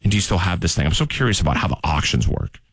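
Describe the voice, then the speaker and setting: Fast-talking low-voiced male radio host. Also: very animated, fairly bright tone, slightly rough, dry recording. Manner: joking, teasing questions. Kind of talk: morning radio banter. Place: radio studio.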